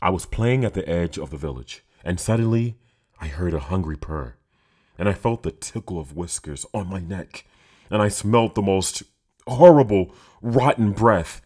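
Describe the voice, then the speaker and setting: A man's voice: low voice, normal speed, a little mellow. A man voicing a small, lost human girl who tells her story eagerly. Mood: excited.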